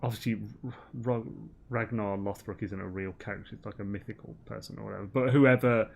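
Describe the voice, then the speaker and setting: A man's voice: fairly low pitch, fairly even intonation, a little fast, gravelly, a little mellow. A man streaming a game, chatting in a rambling, giggly way full of ums and restarts. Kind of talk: casual gaming banter.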